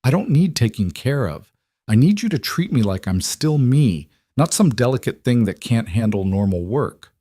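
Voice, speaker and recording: A man voicing a fierce, frightened young pregnant frontier wife in an audiobook, sounding pleading and quick to snap. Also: medium pitch, very animated, mellow, dry recording. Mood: upset. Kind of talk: audiobook character voice.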